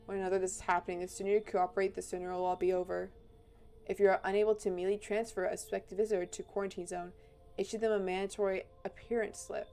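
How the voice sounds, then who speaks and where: A woman voicing a stern, bureaucratic quarantine inspector in a game, speaking in a flat, brisk, official way. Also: mid-range voice, faint music behind, natural voice. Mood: curt, official.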